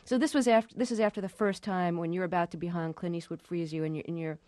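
A woman's voice: lowish voice, fairly even intonation, quick pace, darkish tone, no echo. A woman interviewing a guest on the radio, curious, setting up context for her questions.

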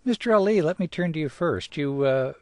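A man interviewing guests in a polite, measured broadcast style. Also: fairly high pitch, lively intonation, no room sound.

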